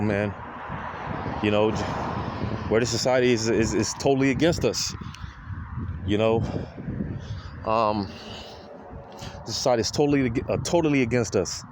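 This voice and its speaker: A man talking to fellow men in a casual, rambling monologue, with many restarts and repeated "you know". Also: medium pitch. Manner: repetitive, halting, lots of restarts and "you know". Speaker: speaker addressing fellow men. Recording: background street noise.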